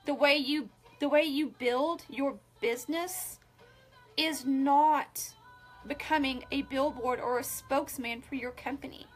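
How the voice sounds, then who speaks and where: A high-voiced young woman chatting straight to her viewers, emphatic and quick to restart her sentences. Faint music plays in the background. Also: steady tone. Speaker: social media coach. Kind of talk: casual live video talk.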